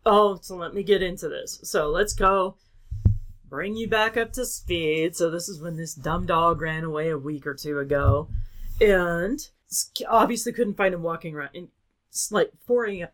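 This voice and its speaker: A woman in a loose, unscripted conversation who rants with plenty of swearing. Her voice sits a touch on the low side for a woman. She talks like she is venting to a friend. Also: normal speed, fairly bright tone. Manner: ranting, swears freely. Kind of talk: casual chat.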